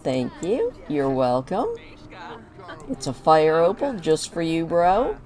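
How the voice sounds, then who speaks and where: A woman's voice: low-pitched, sing-song, slow pace, a little mellow. A woman chatting casually as she narrates her own moves while playing a life-sim game. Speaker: gaming video creator.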